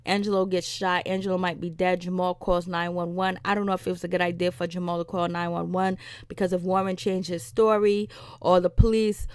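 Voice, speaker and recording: A woman giving a casual, animated recap of a TV episode, retelling scenes with laughs and attitude, with some in her speech. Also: lowish voice, fairly quick, smooth, no room sound, clean studio sound. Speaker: TV recap vlogger.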